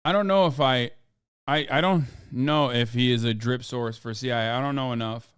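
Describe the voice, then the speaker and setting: A man's voice: medium pitch, moderate pace, clean tone. Sarcastic, profane streamer man. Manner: profane, sarcastic, swings loud when mocking. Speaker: streamer reacting to a video. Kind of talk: casual live-stream commentary.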